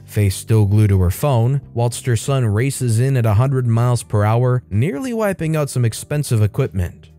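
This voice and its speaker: A man reading a first-person online story aloud as scripted narration, in a steady, even way. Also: medium pitch.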